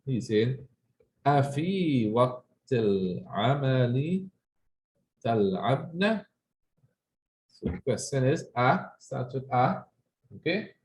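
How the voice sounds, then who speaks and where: A man's voice: medium pitch, darkish tone, echoey room. A man teaching an Arabic class, patiently explaining grammar and checking in with his students. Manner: patient, repeats phrases, checks with "right?".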